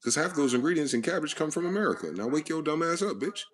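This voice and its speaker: A man's voice: fairly high pitch, animated, fast. A man hosting a profane, aggressive monologue, hectoring his listeners with rhetorical questions. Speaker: channel host. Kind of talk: ranting monologue.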